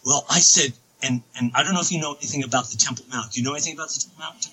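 A man telling a long personal story as an interview guest, excitable and rambling, full of restarts and asides. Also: medium pitch, rapid-fire, husky, rough recording. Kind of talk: casual storytelling on a podcast.

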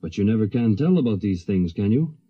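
A man's voice: on the low side, lively intonation, breathy edge, highs cut off. A man voicing a wary, cautious hunter in an old radio story. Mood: guarded. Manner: measured, guarded. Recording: fuzzy 1970s radio recording.

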